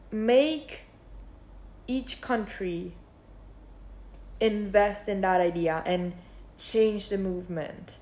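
A young woman talks through her thoughts in a slow, unhurried vlog, rambling and full of fillers. Her voice sits at an ordinary middle pitch. The sound carries a noticeable room echo. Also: darkish tone. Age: young adult. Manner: rambling, thinking aloud with many fillers. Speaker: vlogger. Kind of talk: casual reflective monologue.

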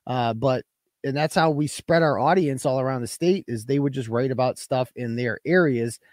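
A man hosts a live web show, reading out viewer donations and ranting in a brash, profane, combative way. His mid-range voice moves at a normal speed with a slightly mellow quality, recorded in a clean studio with no echo.

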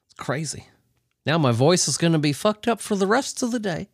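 This podcast host speaks a little fast in a fairly high voice, captured with clean studio sound and no echo. His chat is casual, crude and full of jokes and laughter, interrupted by coughing fits as he recovers from being sick.

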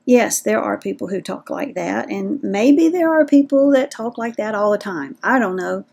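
A woman's voice: mid-range voice, lively intonation, normal speed, vocal fry, darkish tone. A middle-aged woman with a Southern American accent, hosting a podcast in a folksy, chatty way. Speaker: podcast host. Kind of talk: casual podcast talk.

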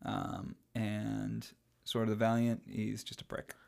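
A man's voice: lowish voice, completely flat delivery, slow, creaky, background noise. A young man co-hosting a casual podcast about old films, chatty and giggly, with plenty of ums and trailing thoughts. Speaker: podcast co-host. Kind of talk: casual film discussion.

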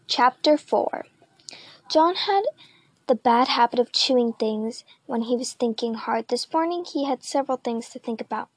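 A woman reading a children's book aloud in a plain, unhurried way, with small slips. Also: a little high, no echo. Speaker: audiobook reader.

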